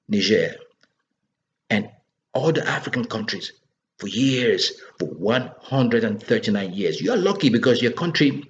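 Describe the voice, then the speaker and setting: A political commentator with a fairly low, slightly bright male voice gives an impassioned monologue on a dull lo-fi recording. He scolds and asks rhetorical questions again and again.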